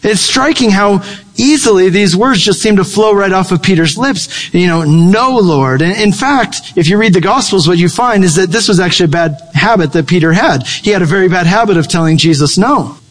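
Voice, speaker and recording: A man's voice: sits high, fairly quick, a bit bright. A male pastor preaching a conversational, humorous sermon, acting out quoted lines. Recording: long reverb of a large hall.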